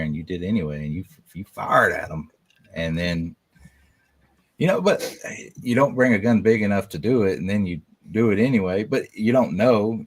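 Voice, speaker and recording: A man guest on a podcast, talking casually, halting and repeating himself, with lots of "you know". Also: low-pitched, no room sound.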